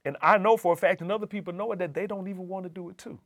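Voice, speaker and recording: A man's voice: high-pitched, fairly even intonation, very fast, fairly bright tone, no room sound, clean studio sound. A middle-aged man, an assistant dean, telling a personal story in an earnest, emphatic way and repeating key phrases for weight. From Southern United States. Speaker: assistant dean of community and inclusion.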